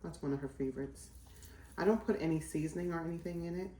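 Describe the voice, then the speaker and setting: Woman in her forties, low voice, rambly casual chat, echoey kitchen, faint background noise. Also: fast talker, dark tone. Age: 40s. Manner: chatty, rambling, many "like" fillers. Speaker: vlogger. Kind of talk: casual chat while cooking.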